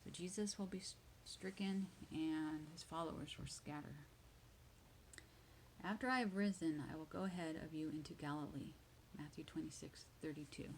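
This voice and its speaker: A woman reading Bible verses aloud slowly and retelling each one in simple words for English learners, at times dropping to a whisper. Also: low voice, steady tone, darkish tone, a little hiss or hum, low-quality recording. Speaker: English teacher.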